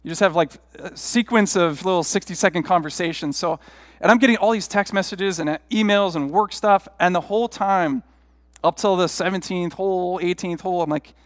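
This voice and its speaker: Man pastor, high voice, chatty storytelling sermon, long hall reverb. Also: fairly quick, studio quality. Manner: conversational, rambling, self-deprecating anecdotes.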